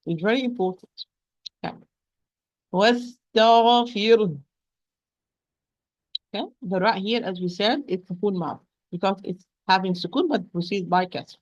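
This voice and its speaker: A woman teaching recitation in an online class, with an ordinary mid-range voice. She talks patiently, repeats her corrections and slows down to demonstrate each sound. The audio is dull and lo-fi. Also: medium pitch.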